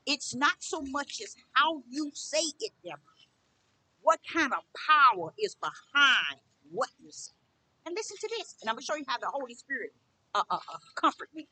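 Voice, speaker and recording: A middle-aged woman preaches with a high, bright voice that swings widely up and down. She speaks emphatically and repeats herself as she testifies. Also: very animated, moderate pace, no room sound. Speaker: spiritual teacher. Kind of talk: preaching monologue.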